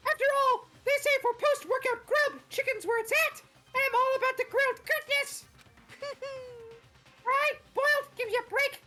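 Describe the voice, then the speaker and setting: A man's voice: very high voice, moderate pace, sharp tone, soft background music, pitched above the performer's own voice, exaggerated voice. A man voicing a gleeful, sadistic male bear mascot in a mocking, sing-song way while reading game dialogue. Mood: gloating.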